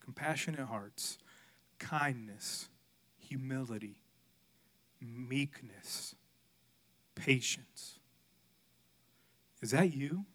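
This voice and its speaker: Bright-voiced pastor preaching a candid sermon. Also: male voice, medium pitch, animated, extremely slow, long pauses. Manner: candid storytelling, swings from loud to hushed.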